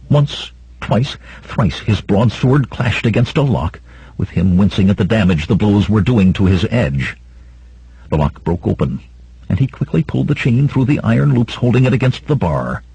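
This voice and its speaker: A man's voice: fairly low pitch, creaky, husky, no room sound, low-quality recording. A man narrating an audiobook in a dramatic reading style. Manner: dramatic, voices shouts of characters. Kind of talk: scripted narration.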